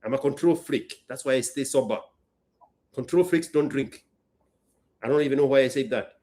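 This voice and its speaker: A man's voice: medium pitch, normal speed, a little mellow. A man, a business owner hosting a casual chat, telling a story emphatically and bluntly. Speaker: business owner and show host.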